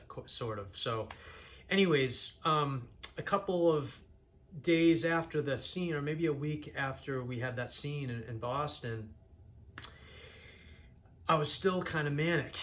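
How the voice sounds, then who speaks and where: A man's voice: mid-range voice, fairly bright tone. A young man from Massachusetts, telling his own story in an earnest, rambling way with frequent restarts. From Massachusetts, USA. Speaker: channel host sharing his own story. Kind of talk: candid personal storytelling.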